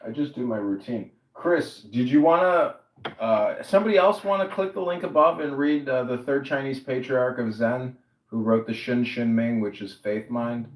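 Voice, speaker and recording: A man hosting a social audio chat room who leads the group in loud, repeated chants. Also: mid-range voice, moderate pace, echoey room, poor audio. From Chicago area.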